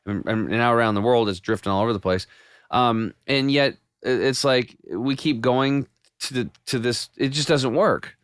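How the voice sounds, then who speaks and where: A man guest on a podcast, telling his health story in a casual, animated way with many restarts. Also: mid-range voice, moderate pace, clear, resonant tone, dry recording, clean studio sound. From United States. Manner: animated storyteller with frequent restarts and quoted self-talk.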